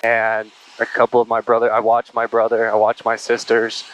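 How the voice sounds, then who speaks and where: A man hosts a casual podcast conversation and often answers with short words of agreement. His delivery stays flat and even, with little movement in pitch. His voice sits at an ordinary pitch for a man. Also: moderate pace, rough recording. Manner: even-toned, brief affirming replies. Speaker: podcast host. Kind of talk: casual interview chat.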